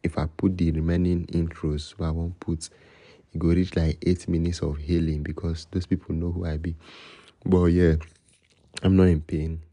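Deep husky Nigerian man rambling. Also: little pitch movement, moderate pace, mellow, dry recording. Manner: rambling and freestyling, mixing Pidgin with English; talking low late at night. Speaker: podcast host. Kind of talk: rambling solo podcast chat.

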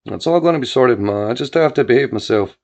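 A man's voice: medium pitch, expressive, quick pace, darkish tone, close to an everyday voice. A man voicing a cocky, defiant crime clan boss who swears freely. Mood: reassuring. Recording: dull lo-fi with faint music.

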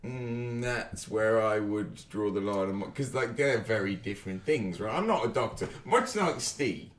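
A man's voice: fairly low pitch, animated, unhurried, reverberant. A man hosting a podcast, skeptical and dry, who wryly pushes back on his friends. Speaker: podcast host. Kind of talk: casual tipsy banter.

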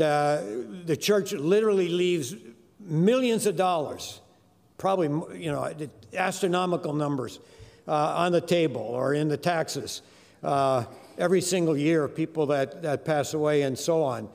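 A man's voice: a little high, creaky, darkish tone, in a large hall. An older man preaching a sermon in a church sanctuary, conversational and full of fillers. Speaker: guest preacher.

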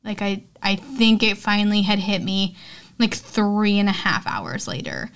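A young woman hosts a casual film recap podcast at a medium pitch. She talks in a chatty, candid way and fills her sentences with "um" and "like". Her tone is heartfelt. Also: very animated, unhurried, fairly bright tone. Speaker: podcast host.

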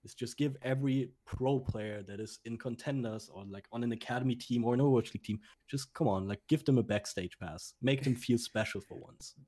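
A man's voice: medium pitch, a little fast, hardly any pauses, dark tone. A man in casual conversation, talking earnestly and rambling with many fillers. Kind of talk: casual podcast chat.

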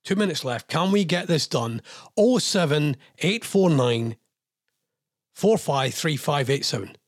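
Rambling Scottish radio host, husky voice. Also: male voice, on the high side, expressive, a little slow, no echo, studio quality. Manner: rambling, chatty, self-mocking, coaxing. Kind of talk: casual radio chat.

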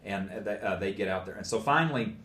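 A man's voice: fairly low pitch, fast talker, a bit bright, echoey room. A man telling a long story in casual speech, plainspoken and rambling, with folksy phrasing.

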